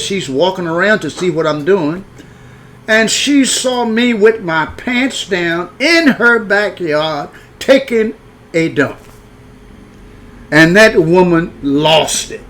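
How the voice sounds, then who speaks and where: A man's voice: high voice, takes it slowly, a bit bright. A man telling a personal story in a frank, rambling folksy way, full of restarts. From rural upbringing.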